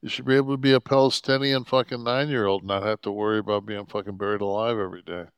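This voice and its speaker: A man co-hosting a podcast into a studio mic, with a deep voice, rambling and cursing often as he chats casually. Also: fairly even intonation, fast talker, clear, resonant tone, no echo. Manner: rambling, swears often, restarts a lot. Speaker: podcast co-host. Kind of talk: casual profane chat. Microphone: podcast microphone.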